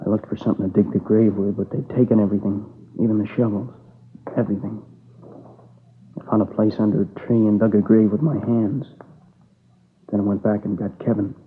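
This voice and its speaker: A man's voice: lowish voice, breathy edge. An actor playing an exhausted, tearful young man who halts and speaks in a subdued voice as he recounts his friend's murder. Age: young adult. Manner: halting, subdued, weary. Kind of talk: dramatic dialogue. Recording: tinny lo-fi old broadcast.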